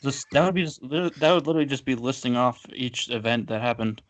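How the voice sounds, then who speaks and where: A man's voice: medium pitch, brisk, a little hiss or hum. Joking man on a casual podcast. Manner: loose, joking, swears lightly. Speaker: podcast co-host. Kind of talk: casual chat.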